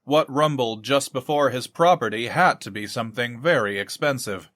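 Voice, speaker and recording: A man's voice: medium pitch, normal speed, fairly bright tone, no room sound. Dry-voiced male audiobook narrator. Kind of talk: scripted narration.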